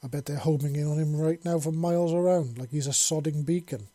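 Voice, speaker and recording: A man's voice: on the high side, steady tone, fairly quick, mellow, no room sound, pitched above the performer's own voice, lightly acted. A man voicing a cocky, crude male creature who teases and swears. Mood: teasing.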